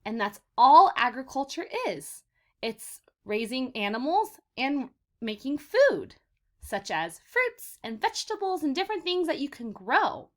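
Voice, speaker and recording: A woman teacher leading a vocabulary lesson for young children, sounding out words slowly for them to repeat and calling them "my friends.". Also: sits high, sing-song, fairly bright tone. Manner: slow, exaggerated word modeling for repetition; encouraging, addresses children as "my friends".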